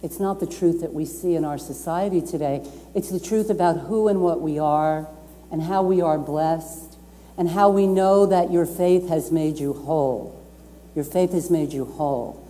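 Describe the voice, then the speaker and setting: Warm-voiced woman minister preaching. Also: sits low, moderate pace. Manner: emphatic, repeats key phrases, invites the congregation to speak along. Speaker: reverend. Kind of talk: Sunday sermon. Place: community lounge at a YMCA. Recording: long reverb from a lounge room.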